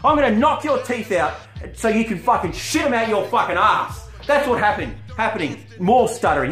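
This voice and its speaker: A man snarling a crude, taunting wrestling promo. He stutters now and then, and his pitch swings widely as he mocks. The room sounds echoey, with faint music underneath. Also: big pitch swings, moderate pace, hardly any pauses, fairly bright tone. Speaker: wrestling character cutting a promo. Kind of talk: trash-talk promo. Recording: roomy with faint music behind.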